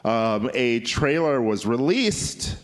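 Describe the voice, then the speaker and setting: A man's voice: medium pitch, expressive, slow. A man co-hosting a podcast, telling stories dramatically with campy asides in casual banter. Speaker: podcast co-host.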